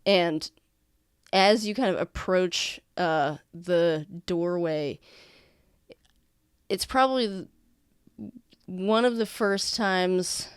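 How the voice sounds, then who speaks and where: A woman narrating a tabletop game as game master in a casual, halting way with many fillers. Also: on the low side, smooth, no room sound, studio quality.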